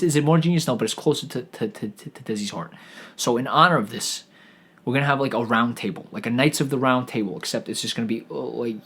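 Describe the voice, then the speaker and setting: A man hosting a comedy podcast, delivering a sarcastic, profane rant that rambles along with frequent stammered restarts. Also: medium pitch.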